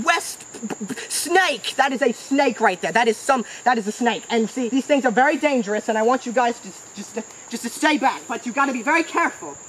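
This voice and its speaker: A woman putting on a put-on Australian accent to play a bumbling, excitable wildlife adventurer in a comic parody, stumbling over words outdoors in the woods. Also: sits high, slight background noise.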